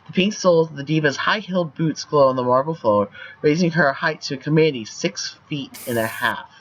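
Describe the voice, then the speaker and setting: A man's voice: a little high, brisk, a bit bright, muffled recording. Playful man reading a story game. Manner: playful, laughs at the lines. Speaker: streamer reading a choice game. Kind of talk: reading game text aloud with banter.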